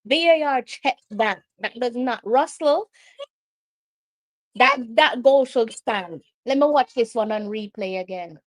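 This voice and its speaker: Brief Jamaican woman, fairly high voice, live match commentary for a fan stream, heated and repetitive. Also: unhurried. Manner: excitable, argues with the referee, repeats herself. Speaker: watch-along host.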